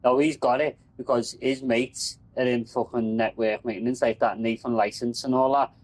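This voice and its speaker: A man's voice: mid-range voice, fairly even intonation, moderate pace, poor audio. A man, a telecom engineer, rambling and swearing in casual chat about his work.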